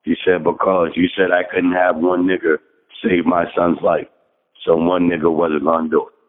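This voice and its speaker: Hoarse deep-voiced man on a phone line. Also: level tone, moderate pace. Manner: earnest storytelling, clears throat often. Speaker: caller. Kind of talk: casual sharing on a group call. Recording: tinny phone line with long reverb.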